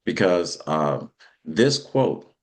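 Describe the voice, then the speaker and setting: Deep-voiced preacherly male host. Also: big pitch swings, very slow. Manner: preacherly, repeats "all right?". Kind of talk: motivational talk show hosting.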